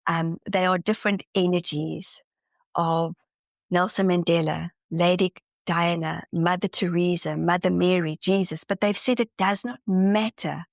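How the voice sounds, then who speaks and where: A woman's voice: fairly low pitch, creaky, no echo, clean studio sound. A woman guest in a casual interview, talking earnestly and enthusiastically, often restarting her sentences. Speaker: podcast guest, spiritual channeler.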